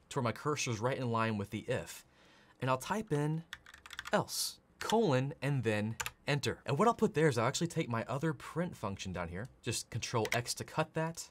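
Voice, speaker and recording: A man in his thirties teaching programming in an energetic, playful way, often laughing and shouting out example lines. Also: medium pitch. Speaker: programming instructor. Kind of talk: energetic tutorial narration.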